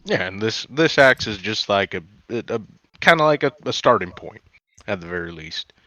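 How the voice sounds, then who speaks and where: Hesitant low-voiced man at a game table. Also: expressive, bright, forceful tone. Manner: hesitant, halting, many restarts. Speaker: player. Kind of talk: in-character tabletop play. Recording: dull lo-fi dry recording.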